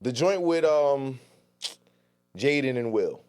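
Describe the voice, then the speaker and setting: This is a man co-hosting a podcast, chatting casually with a laid-back, slangy delivery. His pitch rides up and down a lot as he talks, while staying in a middle register. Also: animated, slow pace, darkish tone, clear, resonant tone. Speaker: podcast co-host. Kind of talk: casual chat.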